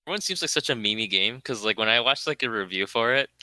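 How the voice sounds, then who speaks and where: Man, very bright sharp tone, dry close mic, rambling chatty storyteller. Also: medium pitch, expressive, quick pace, dry recording. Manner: rambling, heavy on "like", laughs while telling stories. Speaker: podcast co-host. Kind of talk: casual chat.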